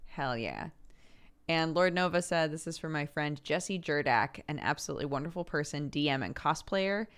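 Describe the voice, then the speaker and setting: A man's voice: a little high, lively intonation, normal speed, a bit bright, clear, resonant tone. A young man streaming, chatting casually with viewers, reading out their messages and laughing often.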